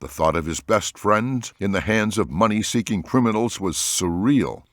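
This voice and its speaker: A male audiobook narrator with a lowish voice that moves through a wide, lively range. The reading is expressive and close, with a dry, deadened sound. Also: normal speed, no echo.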